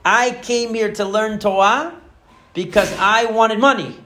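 Man doing an eager young student, pleading and excitable, high voice. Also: unhurried, a little hiss or hum. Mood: remorseful. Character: eager young male student hoping to get rich.

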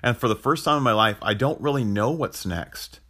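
A man's voice: medium pitch, brisk, pushed and bright. A man in his thirties hosting a podcast, talking casually and earnestly about faith and family life, with frequent restarts and chuckles. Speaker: podcast host. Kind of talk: casual reflective talk on faith.

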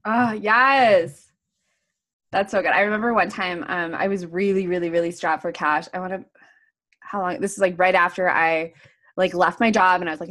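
An animated young woman chats casually on a podcast. She tells stories with lots of laughter and casual swearing. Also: on the low side, a little fast. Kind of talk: casual chat.

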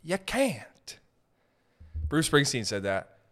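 A man's voice: mid-range voice, wildly swooping pitch, slow, a bit bright. A man hosting a solo podcast, riffing in a rambling, profane comedic monologue. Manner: rambling, profane, tangent-hopping. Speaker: podcast host.

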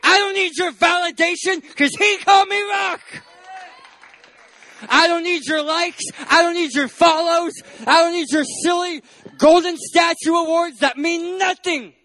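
A man's voice: extremely high pitch, steady tone, unhurried, pushed and bright, dry recording, pitched above the performer's own voice, exaggerated voice. A male pastor voicing a bold, defiant apostle who insists on his new name. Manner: insistent, declaring.

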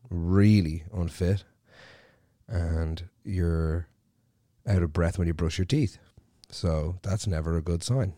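Deep-voiced sweary Irish man. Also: warm tone, dry recording, studio quality. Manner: sweary, sarcastic, rambling. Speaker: vlogger. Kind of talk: casual ranting monologue.

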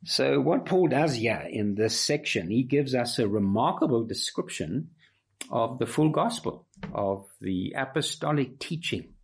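Emphatic preacher with a husky, lively voice. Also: male voice, mid-range voice, measured pace. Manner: emphatic, rhetorical repetition. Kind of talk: expository sermon.

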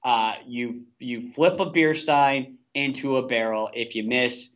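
A man's voice: medium pitch, unhurried, a bit bright. A man co-hosting a podcast, chatting casually and ranting with constant swearing. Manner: profane, ranting, heavy swearing. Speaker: podcast co-host. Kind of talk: casual recap chat.

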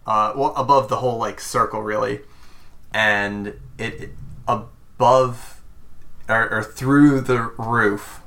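A man narrating a tabletop role-playing game as game master, halting and rambling with many fillers. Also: medium pitch, fairly even intonation, bright, forceful tone.

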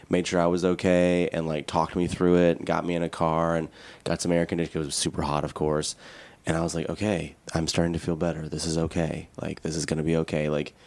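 A man co-hosting a podcast, telling a personal story in a candid, rambling way. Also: sits low. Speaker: podcast co-host. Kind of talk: casual podcast chat.

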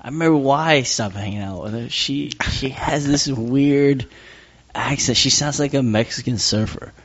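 A man who is a guest on a podcast, telling stories in a casual, animated way and swearing freely. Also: medium pitch, moderate pace. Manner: animated storyteller, swears freely, mimics people. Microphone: headphones on, podcast mic. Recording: slightly muffled lo-fi audio.

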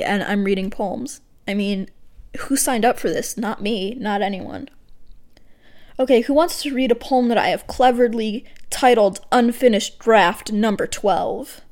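A young woman hosting a podcast, rambling and self-mocking as she reads her own unfinished poems, dropping soft and quiet for the verses. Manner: self-mocking and rambling, drops soft and low when reading. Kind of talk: casual self-deprecating chat with poetry reading.

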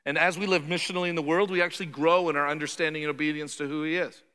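A man preaching a conversational sermon as pastor, animated and quick to act out quoted voices. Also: a little high, smooth, long reverb tail. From Canada.

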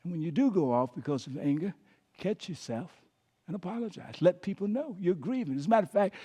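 A man preaching a sermon as pastor, calling on the congregation to repeat words, swinging between emphatic and hushed delivery. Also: high voice, expressive, brisk, husky. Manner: preaching with call-and-response prompts to the congregation.

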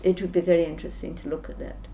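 An older woman scientist answering interview questions thoughtfully, pausing often with ums and restarting sentences. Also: lowish voice, flat delivery, warm tone. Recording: roomy echo, faint background noise.

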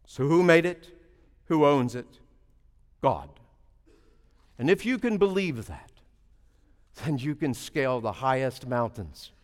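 A man preaching a sermon and telling a family story, swinging between loud emphasis and hushed moments, with halting repeats. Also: mid-range voice, lively intonation. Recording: long reverb of a large hall.

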